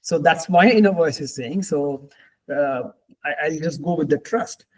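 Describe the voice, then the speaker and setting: A man speaks at a somewhat raised pitch on a group coaching call. He is reflective and earnest, and he circles back on phrases to stress them. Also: a little slow, low-quality recording. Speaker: life coach.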